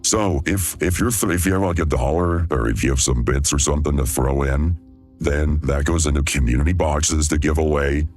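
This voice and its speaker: A man hosting a livestream, talking in a smooth, laid-back way. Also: very deep voice, fairly even intonation, moderate pace, a little mellow, faint music behind. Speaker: livestream host. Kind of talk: casual livestream chat.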